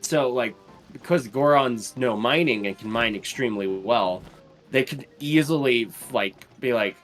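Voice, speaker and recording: A man's voice: medium pitch, unhurried, fairly bright tone, soft background music. A young man co-hosting a gaming show in casual chat, rambling with enthusiasm and many fillers.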